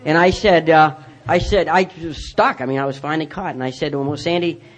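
A man's voice: fairly high pitch, a little fast. A man telling a personal recovery story in a rambling way, full of restarts and self-mocking humor. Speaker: speaker sharing his recovery story.

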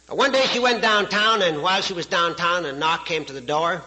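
Brief: man, guest speaker, bright, slightly high voice, folksy joke-teller. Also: a little fast, rough recording. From Canada, Saskatchewan. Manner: folksy, jokey, chuckles at his own jokes. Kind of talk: storytelling speech to an audience.

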